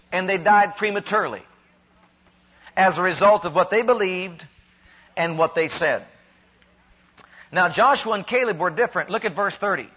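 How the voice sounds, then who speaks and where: Male preacher, high husky voice, earnest and emphatic, dull lo-fi recording. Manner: earnest, emphatic, deliberate phrasing. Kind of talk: sermon.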